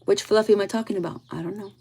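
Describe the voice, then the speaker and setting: A woman giving a casual spiritual reading to her viewers, blunt and full of swearing, often trailing off soft and low. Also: fairly even intonation, very fast, husky. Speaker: tarot reader.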